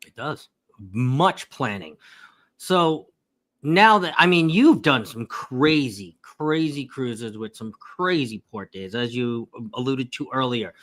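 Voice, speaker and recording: A man hosting a live cruise chat, animated and prompting his co-host with questions. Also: mid-range voice, slow pace. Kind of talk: casual live-stream chat.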